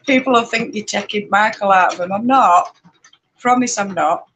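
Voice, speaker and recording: A woman with a Yorkshire accent chatting casually and rambling on a live stream, talking loudly over her spinning wheel and laughing often. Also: medium pitch, low-quality recording. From Yorkshire, England. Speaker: spinning channel host.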